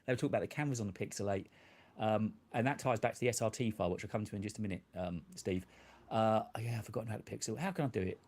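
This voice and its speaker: A man's voice: lowish voice, very fast, a little mellow. A man, chatting casually on his tech live stream from a home desk, self-deprecating and laughing often.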